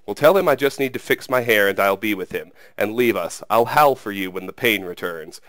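Brief: male reader playing a haughty young queen, snarling orders, pitched up, dry mic. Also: lively intonation, brisk, a bit bright, dry recording. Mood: wry. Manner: snarling, commanding. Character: imperious, scornful young queen in labor.

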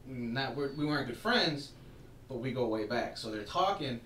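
Animated man telling a story in a roomy room. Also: medium pitch, normal speed, distant mic, a little hiss or hum. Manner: animated storyteller, acts out quoted lines. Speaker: podcast co-host. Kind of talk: casual wrestling chat. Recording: roomy, off-mic with faint ambience.

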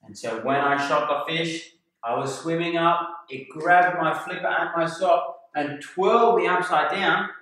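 A man's voice: fairly high pitch, unhurried. A man, a kindergarten teacher telling a story to young children and acting out gasps and voices. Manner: animated, acts out voices and gasps. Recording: echoey room from far off.

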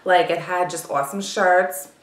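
A woman's voice: on the low side, steady tone, normal speed, close to an everyday voice. A young woman improvising as a brash, gossipy party girl, chattering with constant fillers in an echoey room. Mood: chatty. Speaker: actor auditioning. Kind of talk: improvised character monologue. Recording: roomy echo.

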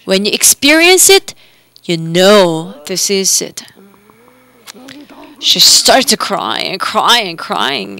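A woman's voice: medium pitch, sing-song, takes it slowly, pauses often, bright, forceful tone. A woman interpreting a doctor's lecture that mixes health teaching with Bible readings, speaking earnestly and steadily.

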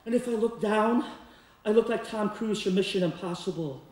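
A man's voice: extremely high pitch, normal speed, a little mellow. Theatrical man telling a story onstage. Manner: comic, theatrical, breaks into song. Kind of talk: live storytelling performance. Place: community center stage before a laughing audience. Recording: echoey hall, distant mic.

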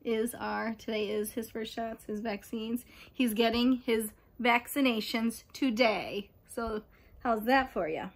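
Young mom, high voice, unhurried home-video chatter with sing-song baby talk. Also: female voice, creaky, no room sound. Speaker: parent filming her baby.

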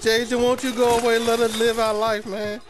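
Guy gaming, panicky n cussing n joking, game music loud in the back. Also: very high-pitched, moderate pace. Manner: excitable, panicky, joking, profane. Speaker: gamer. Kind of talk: live gameplay chat with teammates.

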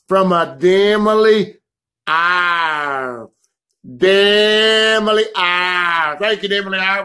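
A man's voice: high-pitched, fairly bright tone. A man hosting a comedy joke-of-the-day bit as a folksy hobo character, rambling and hamming it up with asides to the audience. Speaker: comedy show host.

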